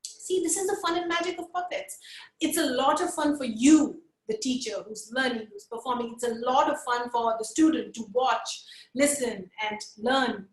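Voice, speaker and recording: A woman's voice: high voice, moderate pace, roomy sound, rough recording. A woman with an Indian accent teaching a puppetry webinar, mixing Hindi into her English and encouraging her listeners to try voices with her. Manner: switches between English and Hindi mid-sentence; encouraging, demonstrates voices with bursts of laughter. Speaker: puppetry trainer. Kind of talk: webinar lesson.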